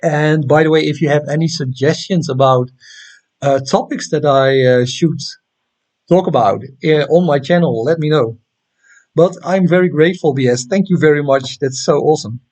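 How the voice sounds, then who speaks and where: A man's voice: on the high side, normal speed, darkish tone. Dutch-accented man hosting a livestream. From Netherlands. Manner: friendly, reads out viewer comments, frequent "uh" fillers. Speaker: astronomy livestream host. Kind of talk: casual live-stream chat.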